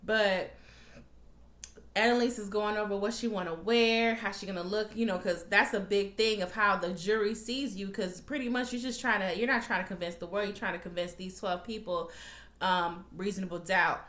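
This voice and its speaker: Fired-up woman vlogger, bright voice. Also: medium pitch, normal speed. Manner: animated, swearing, talks to viewers as y'all. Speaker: TV recap vlogger. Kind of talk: emotional casual recap. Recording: echoey room.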